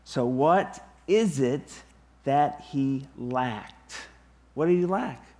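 A man preaching a sermon to his congregation, deliberate and emphatic, with long pauses. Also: mid-range voice, expressive, darkish tone. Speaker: pastor.

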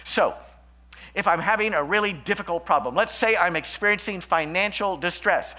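A man preaching a sermon as pastor, shifting between loud emphatic lines and hushed, slow passages. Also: sits high.

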